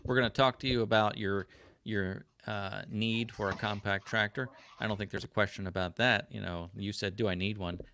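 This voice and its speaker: A man's voice: lowish voice, steady tone, moderate pace, sharp tone. A middle-aged American man hosting a livestream podcast, upbeat and chatty, laughing easily with his guest. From United States. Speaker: podcast host. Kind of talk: casual livestream chat. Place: home garage studio.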